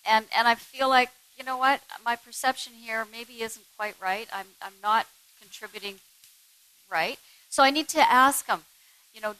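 A woman's voice: on the high side, pushed and bright, poor audio. A woman co-presenting a talk on marriage with her husband, earnest and candid.

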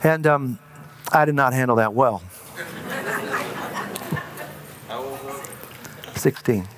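A man's voice: mid-range voice, extremely slow, a crowd in the background. A middle-aged man, a pastor, preaching a sermon with earnest storytelling that halts on fillers in personal stories.

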